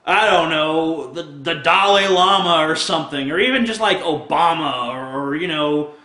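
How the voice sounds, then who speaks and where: A man with a somewhat high, forceful voice rants crudely and sarcastically straight to camera. He swears freely and laughs at his own jokes. The sound bounces around an echoey room. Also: normal speed, few pauses. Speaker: video blogger. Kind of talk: profane comic rant to camera.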